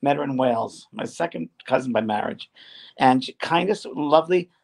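A man's voice: mid-range voice, lively intonation, normal speed, vocal fry. A man who works as a spiritual medium, chatting casually and telling rambling stories. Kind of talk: casual chat.

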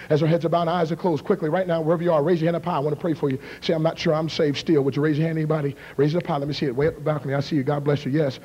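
A man in his thirties preaching a revival sermon and leading an altar call, swinging from hushed whispers to shouted appeals. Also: on the high side, flat delivery, very fast, hardly any pauses, slightly rough, lo-fi sound. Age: 30s. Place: large church with balcony. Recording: long reverb of a large hall.

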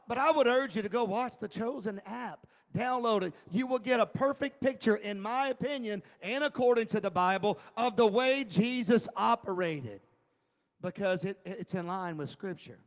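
High-voiced, emphatic preaching man. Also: normal speed, big-room sound. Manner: emphatic, swings from hushed to near shouting, chuckles often. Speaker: pastor teaching an adult Bible class. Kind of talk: sermon-style Bible teaching. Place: church classroom.

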